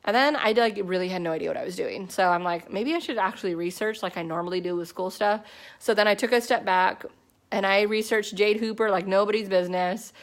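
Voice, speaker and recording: A woman's voice: medium pitch, a little fast. Chatty woman telling her story. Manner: chatty, animated storytelling with many fillers. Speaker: network marketing distributor. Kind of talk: casual personal testimony to a team.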